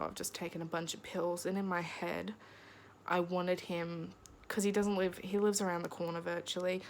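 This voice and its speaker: A young woman speaking to camera for a personal diary vlog, her voice creaky and gravelly at the edges. She talks in a halting, emotional way, pausing often and sounding close to tears, with a faint hiss behind her. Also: on the low side. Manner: halting, emotional storytelling with pauses. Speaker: vlogger.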